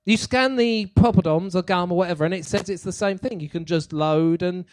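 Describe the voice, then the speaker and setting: A man's voice: high-pitched, fairly quick, no echo. A man co-hosting a comedy podcast, joking and laughing along. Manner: jokey, laughing. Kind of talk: casual comedy podcast chat.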